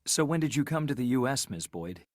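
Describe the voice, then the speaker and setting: Guy doing a friendly radio host, polite questions, lively up and down voice, dry sound. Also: mid-range voice, fast, no room sound, lightly acted. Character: friendly adult male radio show host. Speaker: radio interviewer. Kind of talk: scripted textbook dialogue.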